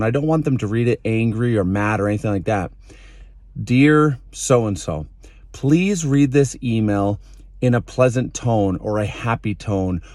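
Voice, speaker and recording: A man's voice: mid-range voice, darkish tone, dry recording. A man giving a direct, emphatic motivational talk that is full of rhetorical questions. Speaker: motivational speaker.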